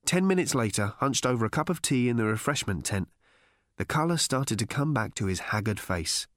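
A man narrating an audiobook in a measured, deadpan storytelling manner. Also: medium pitch, dry recording, clean studio sound.

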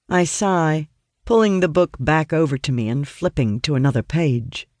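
An earnest audiobook narrator tells a first-person fantasy tale at a middling pitch. The sound is dry and close, with no room around the voice. The delivery is studious and grows animated when the characters speak. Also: moderate pace, no room sound.

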